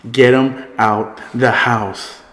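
A man telling a story in casual chat, profane and animated, often breaking into laughter. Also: medium pitch, very slow. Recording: echoey room, faint noise.

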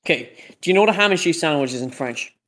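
A man's voice: a little high, expressive, racing, pushed and bright. A young man co-hosting a casual podcast chat, rambling with lots of fillers and laughing. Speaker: podcast co-host.

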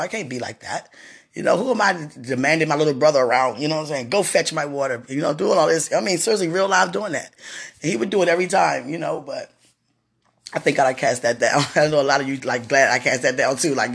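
Woman, podcast host, casual storytelling, husky, frequent laughter, faith talk. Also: low voice. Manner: laughs often, chatty, faith-filled testimony.

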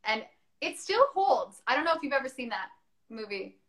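Rich: A woman with a high voice hosting a loose, friendly conversation. She talks in quick, excited bursts, says "like" a lot and laughs easily. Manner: chatty, enthusiastic, laughs often. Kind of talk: casual chat.

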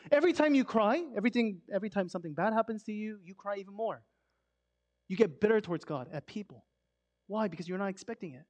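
Guy preaching, high voice, casual sermon, lots of "why?" questions, gets loud then goes soft. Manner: conversational, swings between loud emphasis and soft hush; asks rhetorical questions. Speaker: pastor.

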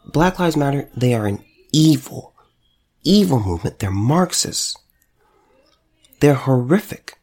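A man's voice: mid-range voice, sing-song, measured pace, long pauses, a little mellow, slightly rough. A man who runs a store, delivering an impassioned monologue to camera, emphatic and repeating phrases for stress. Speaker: store owner.

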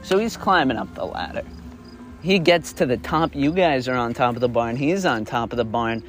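A man's voice: mid-range voice, moderate pace, soft background music. A young man improvising a second-person story, rambling with restarts and the odd swear word.

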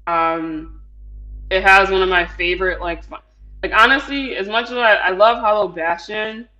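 Bright-voiced chatty man, lo-fi sound. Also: high-pitched, moderate pace. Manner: rambling, many fillers, laughs often. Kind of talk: casual chat.

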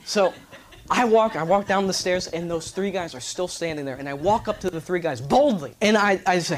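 A man preaching a sermon to a responsive congregation, telling a story with animated acted-out voices and loud exclamations. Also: high-pitched, normal speed.

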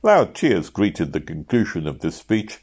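A man narrating a novel aloud at a steady pace, lifting his voice for shouted quotes. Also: low-pitched, a little slow, husky. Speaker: audiobook reader.

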